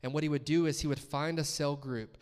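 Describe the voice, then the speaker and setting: A man's voice: on the high side, steady tone, brisk, a little mellow, smooth. A man preaching a sermon as a guest speaker in a church, talking conversationally and asking the congregation questions.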